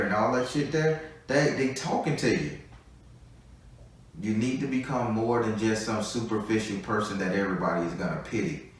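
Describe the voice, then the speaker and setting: Man, tarot reader, blunt chatty delivery, heavy room echo, distant from the mic. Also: lowish voice. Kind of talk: live tarot reading.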